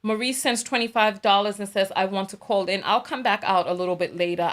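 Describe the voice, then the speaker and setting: A woman's voice: medium pitch, brisk, few pauses, fairly bright tone. A woman hosting a livestream, reacting heatedly and reading out viewer donations. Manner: heated, repeats herself when angry. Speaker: host. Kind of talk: livestream commentary.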